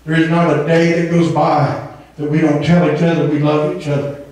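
A man's voice: on the high side, little pitch movement, moderate pace, a little mellow. A man, preaching a fervent sermon full of amens and occasionally singing a phrase. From Southern Indiana. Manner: fervent, emphatic preaching with frequent amens, breaking into sung phrases. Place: church sanctuary. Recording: echoey church hall from far off.

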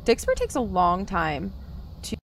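A woman's voice: medium pitch, wildly swooping pitch, measured pace, slight background noise. A woman streaming a game, chatting casually and talking to her viewers by name. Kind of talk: casual live-stream chat while gaming.

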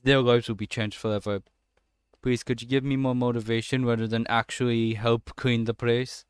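A man's voice: mid-range voice, flat delivery, normal speed, clear, resonant tone. A young man giving sarcastic let's-play commentary on a horror game, swearing casually and talking back to the characters. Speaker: gamer playing a horror game.

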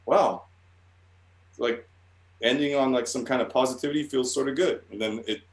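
A man's voice: mid-range voice, moderate pace. A man talking casually in an interview, rambling and swearing, often restarting his sentences. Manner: rambling, profane, with many restarts. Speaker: guest artist. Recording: roomy echo.

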